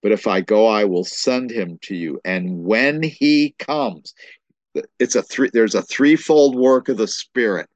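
Man, sermon, lowish voice, dry close sound, emphatic, repeats himself. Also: normal speed, hardly any pauses, a little mellow, dry recording, muffled recording. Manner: repetitive, emphatic preaching with restarts and quoted scripture. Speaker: preacher.

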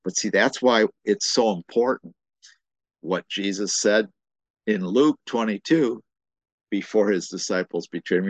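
Low-voiced man preaching a sermon. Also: a little slow, slightly rough, no echo, dull audio. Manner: repetitive, emphatic preaching with restarts and quoted scripture.

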